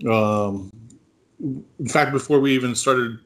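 A man's voice: mid-range voice, slow pace, a bit bright. Rambling laid-back man co-hosting. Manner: rambling, many fillers, laughs often. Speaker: podcast co-host. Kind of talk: casual chat.

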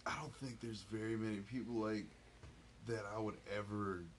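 A man's voice: lowish voice, fairly even intonation, normal speed, slight background noise. A man, a tattoo artist, chatting casually in a laid-back, profane way. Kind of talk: casual chat.

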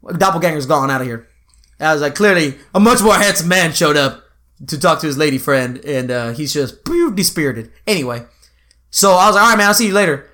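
A young man telling a story in casual chat, animated, with slang and swearing. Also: on the high side, brisk.

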